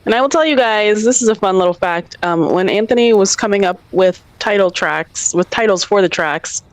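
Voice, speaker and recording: A woman's voice: mid-range voice, normal speed, no room sound. A woman co-hosting a live comedy stream, chatting casually and teasing her partner. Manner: teasing, playful. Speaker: co-host.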